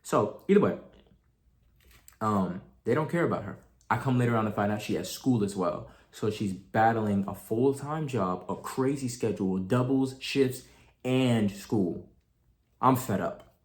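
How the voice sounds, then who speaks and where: A man's voice: lowish voice, a little slow. A young man telling a story to camera in a casual, slangy way, acting out what people said. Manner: animated, slangy, acts out quotes. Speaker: vlogger.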